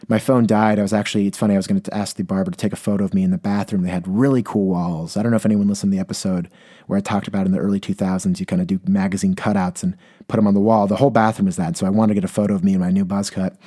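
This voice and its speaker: Rambling young man, mellow low voice. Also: little pitch movement, very fast. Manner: rambling, self-deprecating, with many restarts. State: a little congested from a cold. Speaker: podcast host. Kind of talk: casual solo podcast monologue.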